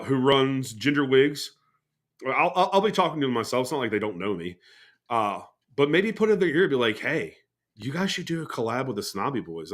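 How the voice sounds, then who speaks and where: A man's voice: mid-range voice, fairly bright tone. A man hosting a podcast in loose, rambling casual chat, swearing freely. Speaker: podcast host.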